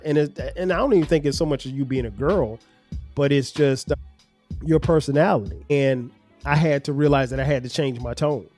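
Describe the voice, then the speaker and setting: A man's voice: fairly high pitch, darkish tone. A middle-aged man hosting a podcast, talking earnestly with his children about parenting, explaining at length with frequent restarts. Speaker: podcast host and father. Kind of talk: reflective family conversation.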